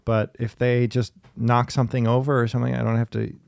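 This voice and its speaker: A man in casual conversation, telling stories in a chatty, lively way with laughing asides. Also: medium pitch, a little fast, gravelly, no echo, clean studio sound. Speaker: podcast guest in therapy talk. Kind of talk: casual storytelling.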